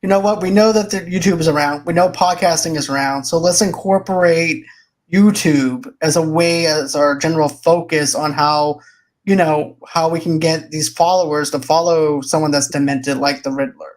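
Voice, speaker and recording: A co-host on a casual podcast chat, explaining a point in a measured way. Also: medium pitch, fairly even intonation.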